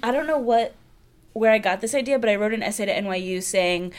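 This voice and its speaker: A woman in her thirties, a guest in casual chat, telling stories in an animated, theatrical way and laughing often. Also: medium pitch, fast.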